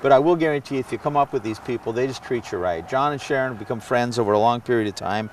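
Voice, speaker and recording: A man's voice: mid-range voice, fast, far from the mic, a little hiss or hum. A man hosting a fishing show, chatting enthusiastically on a river boat and rambling with many restarts. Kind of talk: casual on-the-water chat.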